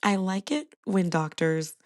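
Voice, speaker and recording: A woman's voice: fairly low pitch, expressive, measured pace, a little mellow. A young woman hosting a casual solo podcast, chatting to listeners and laughing often. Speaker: podcast host.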